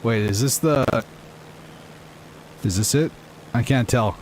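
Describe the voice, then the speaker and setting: A young streamer rambles casually to his viewers while playing a flight game on a livestream. His mid-range voice is slow and darkish, with a little hiss or hum in the audio.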